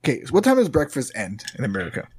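A man telling an animated story in casual podcast chat, acting out both sides of the exchange in his own voice. His voice sits in a medium range and swings between low, muttered asides and outraged highs. The sound is dry and close to the mic, with no room echo. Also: racing, breathy edge.

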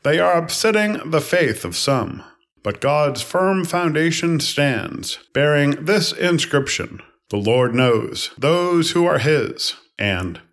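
A man giving a measured, unhurried reading of scripture passages. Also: on the high side, gravelly. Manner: calm, even, unhurried phrasing. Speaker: scripture reader.

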